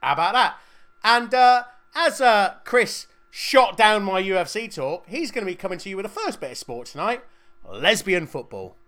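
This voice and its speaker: A man's voice: high-pitched, very animated, moderate pace, bright, forceful tone. A man co-hosting a podcast, joking and swearing through casual banter. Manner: jokey, swears a lot. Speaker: podcast co-host.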